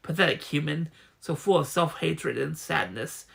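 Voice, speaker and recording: A man's voice: fairly high pitch, normal speed, gravelly, fairly bright tone, husky, exaggerated voice. A man voicing a gloating insect-like demon from a comic, sneering and boastful.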